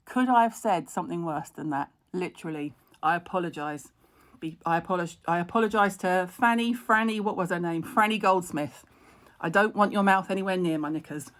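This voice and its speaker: Frank, chatty middle-aged woman, lowish voice. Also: fairly quick, a bit bright. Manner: chatty, frank and self-mocking, laughs a lot; reads out and answers viewer comments. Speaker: skincare expert hosting a live stream. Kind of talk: casual live-stream chat.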